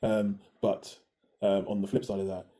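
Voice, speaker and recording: British man with a dark, low voice. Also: little pitch movement, a little hiss or hum. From United Kingdom. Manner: halting, repeats words and restarts often. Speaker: co-host. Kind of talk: casual chat.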